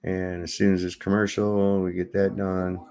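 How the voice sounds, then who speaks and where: A man with a fairly low voice talks over videos he is watching. His casual commentary rambles and turns sarcastic, with plenty of swearing along the way. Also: monotone, moderate pace. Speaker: host.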